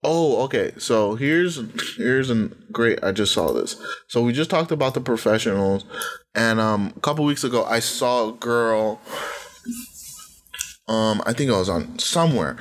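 A man's voice: fairly low pitch, a bit bright. Joking, mocking young-sounding man chatting. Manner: loose and joking, mocking as he reads aloud. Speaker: podcast co-host. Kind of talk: casual podcast chat.

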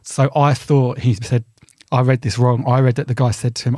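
A man's voice: mid-range voice, little pitch movement, brisk, a little mellow, no echo, clean studio sound. A young man guesting on a podcast, chatting in a teasing, bawdy, curious way. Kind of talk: casual chat.

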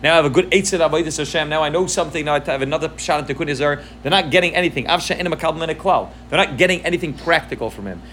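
A man's voice: fairly high pitch, rapid-fire, hardly any pauses, fairly bright tone, slight background noise. A man giving a Torah class, explaining texts line by line and mixing Hebrew and Yiddish terms into English, often checking in with "right?". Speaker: Torah teacher.

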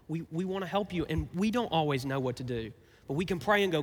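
A man's voice: a little high, expressive, a little fast, long reverb tail. A man preaching a sermon as pastor, talking conversationally and asking his listeners rhetorical questions.

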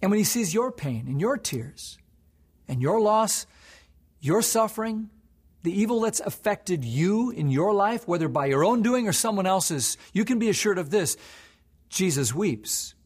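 Husky-voiced male pastor preaching. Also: sits high, animated, unhurried. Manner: swings between soft hushed prayer and rising impassioned emphasis. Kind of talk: sermon.

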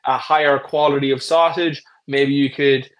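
A man's voice: medium pitch, fairly even intonation, normal speed, a little hiss or hum. A man co-hosting a casual podcast as a fitness coach, talking bluntly and jokingly about diet. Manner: blunt, jokey, puts on voices for quoted people. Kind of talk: casual chat.

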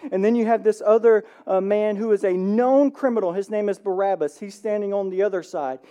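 A man pastor preaching a sermon, animated, swinging between loud emphasis and hushed passages, often asking the room "right?". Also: sits high, fairly quick, clear, resonant tone. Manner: conversational, asks the room "right?".

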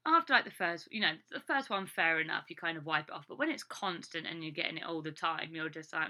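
A woman's voice: deep voice, lively intonation, quick pace, hardly any pauses, sharp tone. A young English woman, a teacher living abroad, chatting casually with lots of fillers. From England. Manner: chatty, rambling, many fillers. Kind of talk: casual vlog talk.

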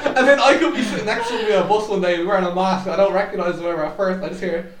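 A man's voice: high voice, quick pace, a little hiss or hum. A man co-hosting a podcast, laughing, swearing and teasing in casual chat. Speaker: podcast co-host. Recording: echoey room, distant mic.

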